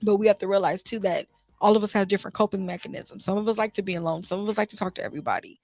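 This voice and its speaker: A woman's voice: mid-range voice, very fast, darkish tone, no room sound. A young woman host, talking in a heartfelt, conversational way with many restarts. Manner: heartfelt, conversational, lots of "you know" and restarts. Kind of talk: casual motivational talk show. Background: faint music.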